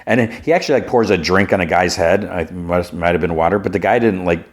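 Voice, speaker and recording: A man hosting a podcast, casually retelling a TV episode and jumping up in pitch to act out the characters' lines. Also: fast. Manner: animated retelling, acting out characters' lines in a raised voice. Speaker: podcast host. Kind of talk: casual movie and TV recap.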